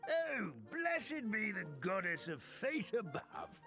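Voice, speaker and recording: A frail old paper grandpa in a game, forgetful and kind. His voice rises and falls a lot and he chuckles through old-fashioned blessings. Soft game music plays underneath. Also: sits high, sing-song, takes it slowly, full character voice. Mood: warm. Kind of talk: game cutscene voice acting.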